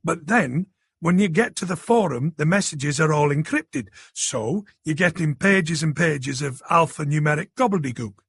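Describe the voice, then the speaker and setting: A man's voice: fairly high pitch, animated, normal speed, vocal fry, a bit bright, slightly rough, no echo, heavily acted. A man reading an audiobook plays a cheeky young man from the city who teases his friend about computers. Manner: cocky, bantering. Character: cheeky young London tech-savvy man.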